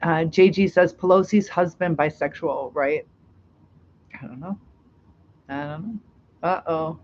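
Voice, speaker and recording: A woman's voice: low voice, unhurried, long pauses, lo-fi sound, slight background noise. Chatty woman reading a live chat. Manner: chatty, laughs often, many fillers.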